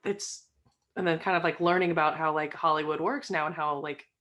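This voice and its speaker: A woman guest in a casual interview, chatty and filling her talk with "like", rising into excited bursts. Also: low-pitched, brisk, lo-fi sound. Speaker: podcast guest, stream host.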